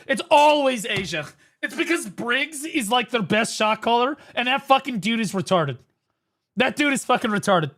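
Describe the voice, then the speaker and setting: A streamer man chatting over gaming clips in a lively, swinging voice that jumps up and down as he tells stories. He laughs often and swears freely, and his delivery is loose and casual. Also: very high voice, normal speed. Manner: profane, laughing, animated storyteller. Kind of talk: casual reaction commentary.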